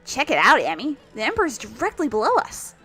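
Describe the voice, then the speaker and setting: A woman's voice: high-pitched, huge pitch swings, a little fast, pushed and bright, breathy edge, faint music behind, heavily acted. A woman reading game dialogue aloud for a tiny, brash male sidekick who talks in a cocky, teasing way.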